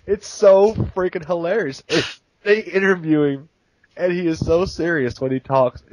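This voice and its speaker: A man's voice: fairly high pitch, moderate pace, a little mellow, no echo, low-quality recording. A man co-hosting a podcast, chatting enthusiastically and laughing often as he talks. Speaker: podcast co-host. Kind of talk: casual podcast chat.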